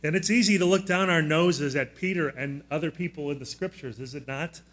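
Plainspoken male pastor, slightly high voice. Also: a little fast, a bit bright. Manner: plainspoken, asks the congregation frequent questions; teaching style, walking listeners through note blanks. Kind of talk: sermon.

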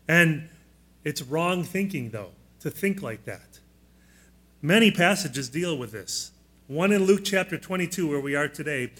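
Plainspoken male pastor, slightly high voice. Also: fairly bright tone. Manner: plainspoken, asks the congregation frequent questions; teaching style, walking listeners through note blanks. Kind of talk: sermon.

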